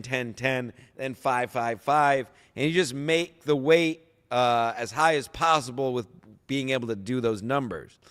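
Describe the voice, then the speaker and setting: A man's voice: medium pitch, a bit bright, in a large hall. A man hosting a podcast in casual solo chat, rambling, sarcastic and profane. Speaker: podcast host.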